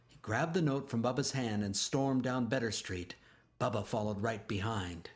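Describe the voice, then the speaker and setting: A man narrating a children's storybook aloud, expressive and slowing down for emphasis. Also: mid-range voice.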